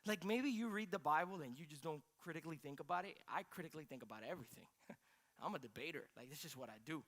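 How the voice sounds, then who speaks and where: Pastor guy preaching, chatty and animated, asks lots of questions, bright voice. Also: a little high, quick pace. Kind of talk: sermon.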